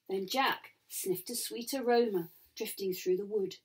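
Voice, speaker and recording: A woman reading a rhyming picture book to children, with soft asides. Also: mid-range voice, measured pace, hardly any pauses.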